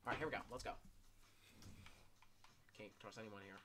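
A man commentating his own gameplay casually, swearing a lot and yelling in sudden bursts. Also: on the low side, a little fast. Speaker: gameplay streamer.

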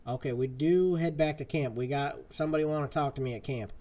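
A man streaming a western game live, chatting casually and swapping swear words for softer ones. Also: fairly high pitch, quick pace. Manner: chatty, swaps swears for "fudge". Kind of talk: live gameplay commentary. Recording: game music behind the voice.

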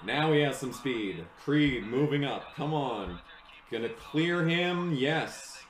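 A young man giving live reaction commentary to a race, excitable and swearing, yelling at the screen. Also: medium pitch, takes it slowly, echoey room, rough recording.

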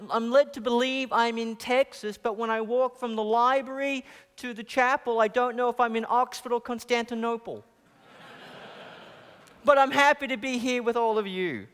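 A man's voice: very high voice, fairly bright tone. Australian man lecturing in an echoing chapel. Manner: genial, joking asides, quick restarts. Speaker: guest lecturer. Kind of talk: academic lecture. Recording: long reverb of a chapel.

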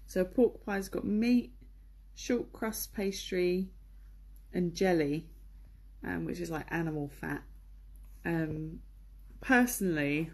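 A woman's voice: low voice, darkish tone. A young woman giving a chatty culture lesson, with lots of ums and ahs. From England. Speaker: presenter. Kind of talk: casual lesson on English culture.

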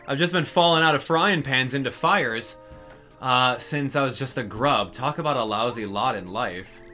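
A man's voice: mid-range voice, moderate pace, pushed and bright, faint music behind, lightly acted. A man voicing an ornery little grub creature who grumbles about his bad luck. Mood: grumbling. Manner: grumbling and complaining.

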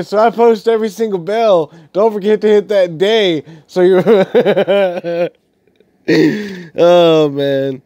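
A man's voice: sits high, dark tone, dry recording. Brief: young male gaming vlogger, laughing storyteller, dry close sound. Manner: swearing, laughing, rambling storytelling. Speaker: gaming YouTuber. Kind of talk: casual vlog rant.

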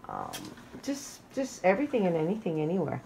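A woman's voice: fairly low pitch, wildly swooping pitch, brisk, gravelly, rough recording. Chatty woman vlogger, rambling story. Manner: chatty, rambling, many fillers and restarts. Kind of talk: casual storytelling vlog. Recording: faint background water noise. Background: loud waterfall noise.

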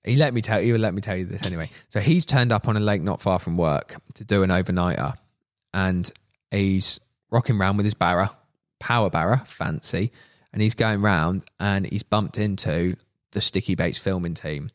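A man, a podcast guest, telling animated anecdotes in casual chat, swearing freely and acting out quoted voices. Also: low voice, normal speed, no room sound, studio quality. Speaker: podcast guest, media manager.

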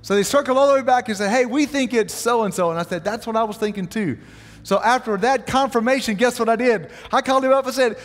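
A man's voice: very high-pitched, fast talker, long reverb tail. A man preaching a sermon as pastor, telling a story and asking the congregation questions. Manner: animated storytelling, asks the audience questions. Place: church sanctuary.

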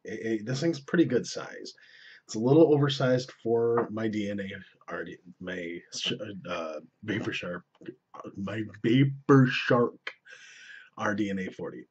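Young guy doing a rambly cursing vape review, low raspy voice, muffled lo-fi audio. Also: expressive, unhurried. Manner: rambling, profane, self-interrupting. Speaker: vlogger reviewing vape gear. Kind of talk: casual product review. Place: indoors at home. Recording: dull lo-fi camera audio.

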